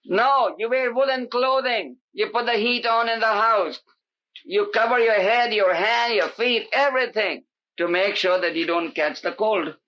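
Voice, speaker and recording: A man giving an animated sermon as a spiritual teacher, emphatic and pleading, acting out the voices he quotes. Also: sits high, a little slow. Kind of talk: sermon to a live gathering. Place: indoor hall with an audience. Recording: dull lo-fi tape recording.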